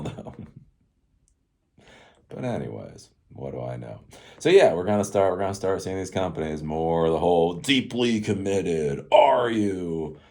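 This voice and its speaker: A man's voice: low voice, expressive, a little slow, warm tone. A middle-aged man giving casual, sarcastic tech commentary as host, rambling and chuckling often.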